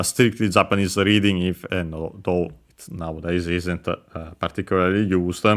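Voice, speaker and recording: A man giving a casual language lesson, explaining slowly with many hesitant pauses and fillers. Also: deep voice, fairly bright tone. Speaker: language teacher.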